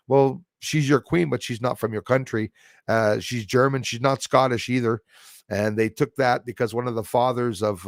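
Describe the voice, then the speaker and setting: A man's voice: mid-range voice, creaky, dry recording, studio quality. Rambling Canadian man hosting a livestream. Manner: rambling, emphatic, frequent fillers and restarts; reads out and thanks viewers in chat. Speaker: livestream host. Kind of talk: casual livestream talk.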